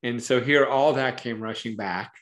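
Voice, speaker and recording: A man of average pitch speaks as a psychologist guest in an interview. He explains ideas thoughtfully and conversationally. He brings them to life by acting out other voices. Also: moderate pace. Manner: animated, acts out parents' and children's voices in quotes; thoughtful, uses metaphors to explain.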